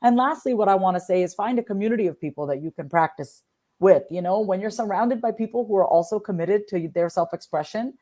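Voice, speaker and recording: A woman's voice: medium pitch, fast talker. A woman from Long Island, New York, talking as a guest in a casual interview and acting out sample tones of voice as she explains. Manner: expressive, acts out sample voices in different tones. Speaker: author and guest.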